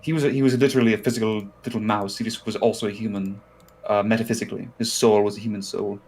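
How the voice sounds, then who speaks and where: A man's voice: fairly low pitch, steady tone, quick pace, a little mellow, slight background noise. A man playing a tabletop game, chatting casually and earnestly explaining rules. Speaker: player.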